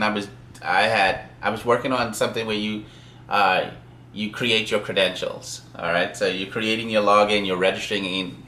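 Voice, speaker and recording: Rambling man with a bright edge in an echoey room. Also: lowish voice, slight background noise. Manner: rambling, with frequent fillers and chuckles. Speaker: software developer. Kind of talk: casual storytelling.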